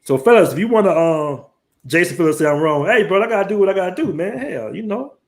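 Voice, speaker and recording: A man hosts a casual live stream, talking in an easy, slangy way. His voice sits a little high for a man, and he keeps his patter loose and unhurried. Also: animated. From United States. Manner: laid-back, slangy, reads out viewer comments.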